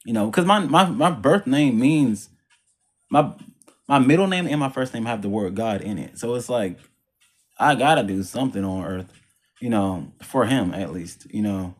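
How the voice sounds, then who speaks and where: A man vlogs his personal religious testimony, telling his life story in a casual, rambling way, repeating himself and stressing points emphatically with religious language. His voice is medium-pitched with lively intonation at a normal speed.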